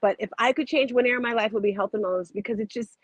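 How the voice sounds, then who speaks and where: A woman in her fifties hosting a morning motivation show over a video call, bubbly and excitable. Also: a little high, racing, no room sound. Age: 50s. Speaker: show host.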